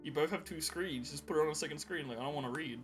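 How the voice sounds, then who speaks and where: A man's voice: fairly high pitch, fast, over music. A young man co-hosting a podcast, telling rambling stories in casual chat and laughing often. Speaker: podcast co-host.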